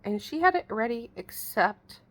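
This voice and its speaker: A woman's voice: a little high, very animated, normal speed, fairly bright tone. A middle-aged woman telling a rambling story in a casual, folksy vlog, exasperated and chatty. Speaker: vlogger.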